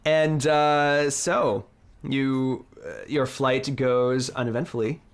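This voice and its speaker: A man narrating a tabletop game as game master in a relaxed, laid-back way, with plenty of fillers. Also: mid-range voice, takes it slowly, clear, resonant tone.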